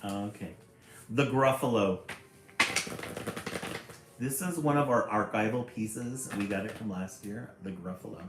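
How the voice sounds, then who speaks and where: A man's voice: lowish voice, a little slow, pauses often, background noise. A man reading a picture book aloud on a live stream, chatty and greeting viewers between pages. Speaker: livestream storybook reader. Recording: echoey room.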